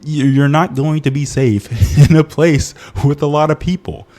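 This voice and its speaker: A man's voice: a little high, level tone, normal speed, mellow. A man giving a casual, comedic movie review, ranting in exasperation, often laughing and restarting his sentences.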